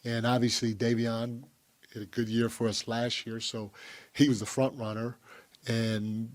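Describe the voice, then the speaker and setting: Halting coach at a press conference. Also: male voice, medium pitch, flat delivery, dry recording. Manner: halting, with frequent restarts and fillers. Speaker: basketball head coach.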